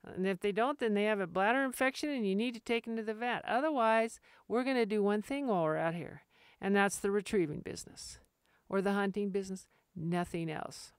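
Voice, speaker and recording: A woman talks through dog-training advice in a relaxed, direct podcast style. Her voice sits at a middle pitch and comes across smooth and clear. She now and then slips into short acted-out asides. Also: no room sound, studio quality. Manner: direct, practical, acts out quick asides. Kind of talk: casual instructional podcast talk.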